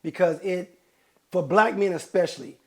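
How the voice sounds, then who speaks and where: Middle-aged male podcast host, gravelly and high-pitched, candid counselor who acts out his anecdotes. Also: moderate pace. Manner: animated storyteller, acts out quotes, laughs often. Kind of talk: candid conversational advice.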